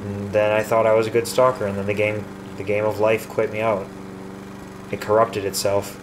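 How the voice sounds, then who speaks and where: A man co-hosting a let's play in casual chat, with deadpan delivery and dark jokes. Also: lowish voice, normal speed, noisy background.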